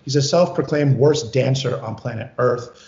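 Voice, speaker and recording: A man's voice: medium pitch, normal speed, creaky, darkish tone. A man hosting a casual interview over a video call, chatty and enthusiastic, often laughing. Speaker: host. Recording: roomy, dull lo-fi sound.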